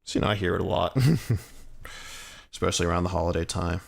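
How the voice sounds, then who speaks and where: Low gravelly-voiced man painting on stream. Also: moderate pace. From Southern US (Alabama family). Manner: relaxed, quiet, thinking aloud while working. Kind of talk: casual livestream chat while painting. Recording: soft background music.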